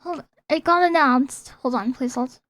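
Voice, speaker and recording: A woman streaming a game in casual live chat, excitable, often reading chat aloud and apologizing. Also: high voice, moderate pace, slight background noise. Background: faint game music.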